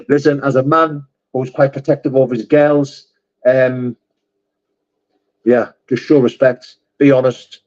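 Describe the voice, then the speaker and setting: A man with a mid-range, slightly mellow voice hosts a live chat, reading viewer messages aloud at a slow, steady pace. He answers bluntly and matter-of-factly, swearing often and calling people "mate" and "brother." The audio sounds dull.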